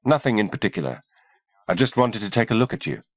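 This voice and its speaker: A man's voice: lowish voice, very animated, quick pace, no room sound, lo-fi sound. A man voicing a self-assured young female doctor with a dry, witty manner.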